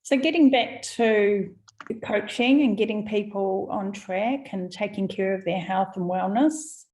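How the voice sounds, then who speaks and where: A woman hosting a podcast interview, warm and encouraging as she asks questions. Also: medium pitch, low-quality recording. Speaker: podcast host. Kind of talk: conversational interview.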